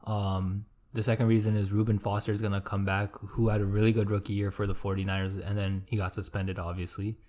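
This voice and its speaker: A young man with a lowish voice talks football on a casual podcast with his friends. He jokes around, teases the others and swears freely. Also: level tone, a little fast, hardly any pauses, mellow. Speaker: podcast co-host. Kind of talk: casual sports chat.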